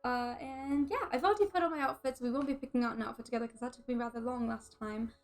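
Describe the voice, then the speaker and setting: Woman putting on a high-voiced mock English accent, casual stream chat. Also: lively intonation, moderate pace, soft background music. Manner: chatty, greets and thanks chat while doing her hair.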